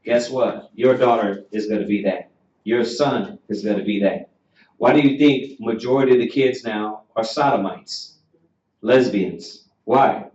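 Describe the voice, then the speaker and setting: Emphatic preaching man in an echoey room. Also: on the low side. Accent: Southern US. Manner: preachy and emphatic, rising to near shouting, drawn-out repeated questions. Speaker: teacher. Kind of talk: sermon-style class teaching. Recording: muffled, roomy, from far off the mic.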